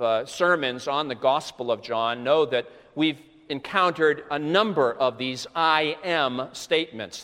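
A man's voice: medium pitch, fairly bright tone. A man preaching a sermon in a church, in a conversational storytelling way with many asides. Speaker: pastor. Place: church sanctuary. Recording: long reverb of a church hall.

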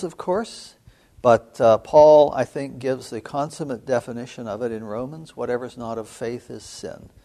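A man lecturing as a seminary professor on scripture, measured and thoughtful, with frequent pauses and an occasional throat-clearing. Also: medium pitch, a little mellow. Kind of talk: biblical studies lecture.

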